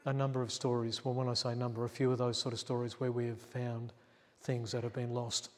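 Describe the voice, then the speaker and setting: With a flat delivery and a fairly quick pace, a male pastor shares a sermon story in his mid-range voice. His manner is chatty as he acts out the quotes and laughs at himself, and long church reverb fills the recording.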